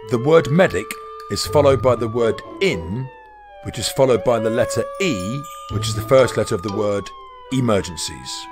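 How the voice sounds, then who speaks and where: A man giving a playful, jokey livestreamed spelling lesson, full of quick asides. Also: medium pitch, very animated, echoey room, music in the background. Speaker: spelling teacher.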